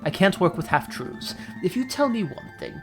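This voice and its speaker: Lady doing a firm low falcon lawyer, bossy and blunt. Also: sing-song, moderate pace, over music. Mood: stern. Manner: firm, commanding, legalese. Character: stern, cunning male falcon lawyer. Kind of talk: voicing a game character while reading.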